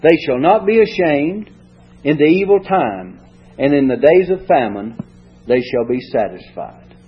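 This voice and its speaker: Guy preaching a down-home sermon, kinda high husky voice, muffled lo-fi tape. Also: lively intonation, a little slow. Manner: folksy, retells stories in plain homespun words. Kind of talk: sermon, reading and explaining scripture. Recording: dull lo-fi recording.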